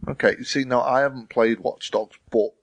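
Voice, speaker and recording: A man in casual chat about video games, relaxed and agreeable. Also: medium pitch, moderate pace, dry recording.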